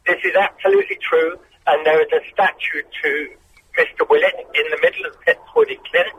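A man calling a radio show by phone from his car, telling a story in an unhurried, explanatory way. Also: fairly high pitch, wildly swooping pitch, narrow, tinny audio, a little hiss or hum. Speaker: caller. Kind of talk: phone-in call. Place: car on a motorway. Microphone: telephone.

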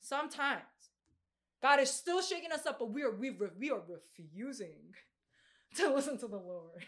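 A woman preaching a casual, animated sermon, slangy and quick to laugh. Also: on the high side.

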